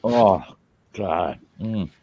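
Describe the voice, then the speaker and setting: A man's voice: sits low, extremely slow, slightly rough, no echo, muffled recording. A man hosting a casual livestream, chatting and joking while he eats, talking with his mouth full. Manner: jokey and chatty, lively. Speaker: show host.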